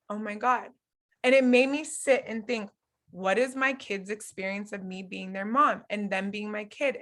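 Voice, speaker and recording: A woman in her thirties hosts an online challenge, teaching her group casually and candidly over a live stream. She addresses her audience directly with lots of fillers, in a high voice with a bright, forceful tone.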